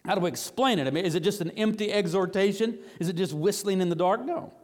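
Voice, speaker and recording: A man with a notably high voice delivers a sermon with animated, rising emphasis. The long reverb of a church sanctuary trails each line. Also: fast. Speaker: pastor.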